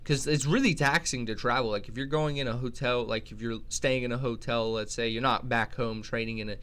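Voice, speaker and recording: A young man hosts his channel with loose, rambling commentary. He swears freely and often restarts his sentences. His voice sits at a middling pitch. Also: fairly even intonation, fairly quick, fairly bright tone. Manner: rambling, profane, many restarts. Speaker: channel host. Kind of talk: casual commentary.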